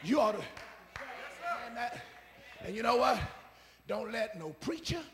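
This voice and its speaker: A man a call-and-response sermon, repeating his phrases and swinging from soft asides to shouts. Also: very high voice, lively intonation, unhurried. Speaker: preacher. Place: church sanctuary. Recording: preaching in a reverberant church hall.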